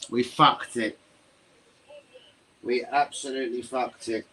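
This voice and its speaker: Male streamer, stunned, sweary, bright-toned, medium pitch. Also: normal speed, a little hiss or hum. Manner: stunned, swearing, rambling to viewers. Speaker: fan livestream host. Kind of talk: live reaction stream.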